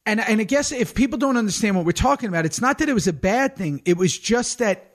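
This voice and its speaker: With a voice that sits high and a quick pace, a male podcast host chats casually, spinning animated stories and acting out what others said.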